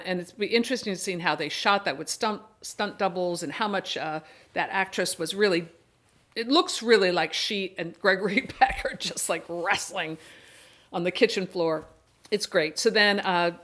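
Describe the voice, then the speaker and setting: A woman's voice: mid-range voice, normal speed, fairly bright tone. A woman hosting a horror book and film channel, giving a casual review monologue and retelling the plot with enthusiasm and many restarts.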